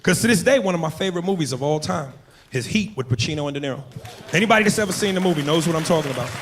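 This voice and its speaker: Profane stand-up comic, loud crowd. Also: male voice, fairly high pitch, lively intonation, very fast, a little hiss or hum. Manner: loose, profane storytelling with bursts of shouted impressions. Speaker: stand-up comedian. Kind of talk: stand-up comedy set. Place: comedy club stage. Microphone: handheld stage mic. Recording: live club recording with crowd laughter.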